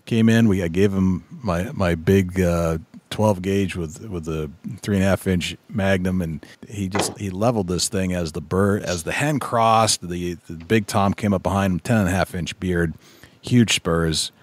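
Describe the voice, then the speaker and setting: A middle-aged man hosting a podcast, affirming his guest and telling his own stories in a measured way. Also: low-pitched, no echo. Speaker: podcast host. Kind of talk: casual conversation.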